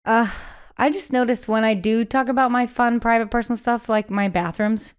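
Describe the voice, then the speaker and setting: With a smooth voice on the high side and a normal speed, a woman singer chats openly as an interview guest. She's lively and talkative, acting out the people she quotes and peppering her speech with "like."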